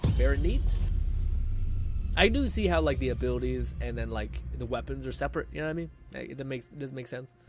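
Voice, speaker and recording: A man's voice: medium pitch, animated, a little fast. A man live-streaming a video game, chatting casually, swearing and laughing while he reads viewer comments. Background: game music.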